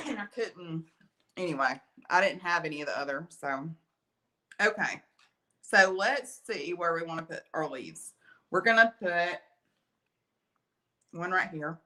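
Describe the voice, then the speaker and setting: She speaks in a lowish, animated voice at a measured pace, pausing often, with a bright, forceful tone. An art instructor with an Alabama Southern accent, she gives a folksy, chatty live painting tutorial while a slight cough lingers after being ill.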